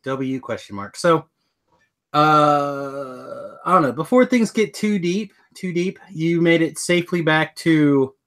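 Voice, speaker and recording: A man's voice: a little high, takes it slowly, a bit bright. A middle-aged man co-hosting a casual podcast chat, joking and rambling on a webcam call. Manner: joking, rambling, hums tunes. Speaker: podcast co-host. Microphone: webcam video call.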